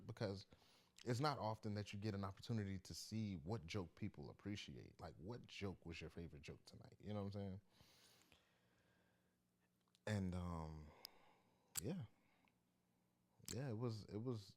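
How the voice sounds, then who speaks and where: A man's voice: on the low side, normal speed, pauses often. A man who does stand-up comedy, telling a story in a loose, chatty, slangy way. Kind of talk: casual storytelling to camera.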